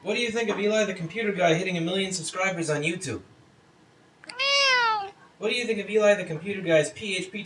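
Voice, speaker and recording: A man's voice: high voice, reverberant, very noisy. A man hosting his channel, chatting casually and playfully to his pet cat, cooing and teasing in baby talk at home. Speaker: channel host.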